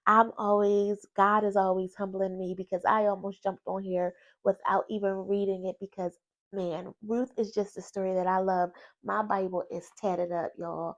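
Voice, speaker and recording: A woman's voice: medium pitch, little pitch movement, moderate pace, lo-fi sound. Woman, faith vlogger; folksy, chatty Bible talk with asides, close personal mic. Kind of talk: casual Bible study chat. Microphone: personal microphone.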